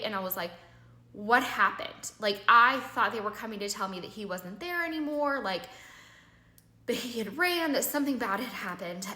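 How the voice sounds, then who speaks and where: A young woman telling a personal story casually, animated and full of "like", acting out quoted dialogue. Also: mid-range voice. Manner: animated, filler-heavy "like" retelling with quoted dialogue. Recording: echoey room.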